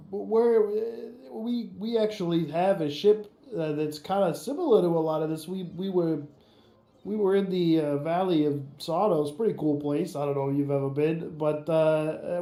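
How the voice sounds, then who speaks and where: A man playing a tabletop game, excitable and halting, with many restarts. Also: a little high. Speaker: player. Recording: echoey room.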